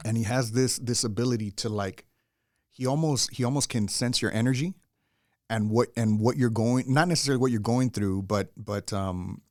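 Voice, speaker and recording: A man's voice: mid-range voice, moderate pace, darkish tone. A man with an ordinary mid-range voice talks as an interview guest. He is earnest and rambling, often restarting his sentences. The sound is dry and close, with no room echo. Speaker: guest, general contractor. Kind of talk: casual interview conversation.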